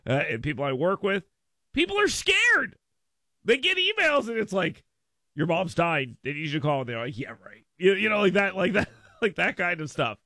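High-voiced, animated radio talk host. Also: male voice, no room sound. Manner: animated, rambling storyteller with frequent asides. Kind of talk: casual radio monologue. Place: radio studio. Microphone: studio microphone.

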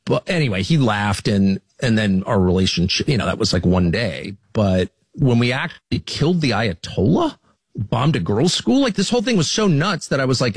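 Emphatic American man, husky voice, wide swings in pitch, dry close sound, interview guest. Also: big pitch swings, normal speed, no echo. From United States. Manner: emphatic, indignant, restarts and rising peaks. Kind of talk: heated conversational interview.

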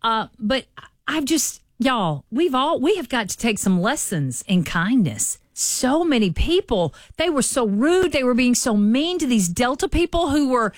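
A woman with a Southern accent, hosting a radio show and telling a story in a chatty, animated way. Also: fairly high pitch, unhurried, no room sound, studio quality. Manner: chatty, animated, says y'all. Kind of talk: casual chat, storytelling.

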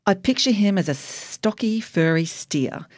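A woman's voice: medium pitch, lively intonation, measured pace, no room sound, studio quality. A woman narrating her memoir in a wry, emotionally charged audiobook reading.

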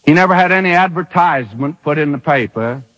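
A preacher delivers a sermon in a high, fairly bright, animated voice whose pitch jumps up and down. He fires rhetorical questions and lets dramatic pauses hang, all heard through long hall reverb on an old radio recording.

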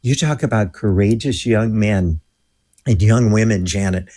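A man being interviewed as a guest, telling a lively story and acting out the voices of the people in it. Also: fairly low pitch, unhurried. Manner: animated storyteller who acts out quoted voices.

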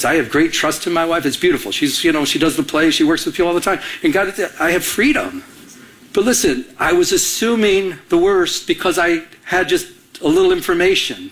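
High-voiced animated male preacher. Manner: animated storyteller, acts out quoted dialogue. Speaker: pastor. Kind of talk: sermon with personal story.

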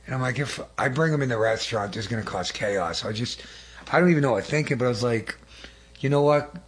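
Man, husky voice, earnest rambling testimony, church talk, young adult. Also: mid-range voice, quick pace. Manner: earnest, rambling, with many fillers and restarts. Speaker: lay preacher giving testimony. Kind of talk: testimony sermon.

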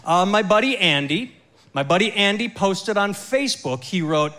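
A male comic telling a story in a relaxed, conversational way. His voice is high and bright, and it moves a lot. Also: moderate pace. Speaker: stand-up comedian. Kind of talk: stand-up comedy.

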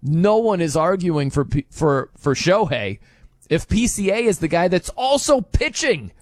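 A man hosting a sports talk show, ranting in an animated, incredulous way with frequent laughs. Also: high-pitched, a little slow, no echo, studio quality.

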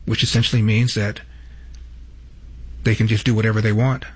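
A man's voice: on the low side, level tone, moderate pace, slightly rough. Man hosting political commentary. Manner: emphatic, lists facts and numbered clips. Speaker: host.

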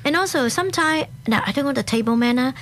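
A woman with a Hong Kong accent, a guest in a casual interview, talking in short animated bursts with frequent restarts. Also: high-pitched, quick pace, a little hiss or hum.

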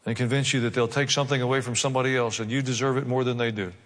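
A man's voice: mid-range voice, fairly even intonation, rapid-fire, fairly bright tone, big-room sound. A man preaching a sermon, reading scripture aloud and breaking off into humorous asides and mock voices. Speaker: pastor.

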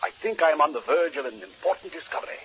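An actor playing a formal doctor reporting on a ghost investigation, speaking in stiff, measured phrases in an old radio drama. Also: male voice, fairly high pitch, expressive, highs cut off, a little hiss or hum, natural voice. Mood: earnest. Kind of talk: 1940s radio drama acting.

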